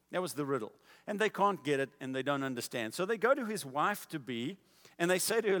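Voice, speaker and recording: A male preacher tells a story in a casual, animated way. His fairly high voice carries through a large hall with a long, lingering reverb. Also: a little fast. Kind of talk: storytelling sermon.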